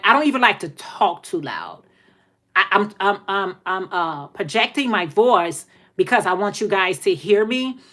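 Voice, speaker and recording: A woman's voice: medium pitch, fairly bright tone. A middle-aged woman hosting a casual livestream, chatting to viewers in a talkative, folksy way and often repeating herself. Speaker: livestream host.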